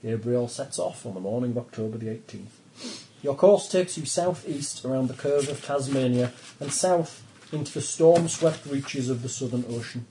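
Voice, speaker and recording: Mellow-voiced male game master. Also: mid-range voice, normal speed, slight background noise, rough recording. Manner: steady storytelling narration. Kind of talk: narrating a tabletop game.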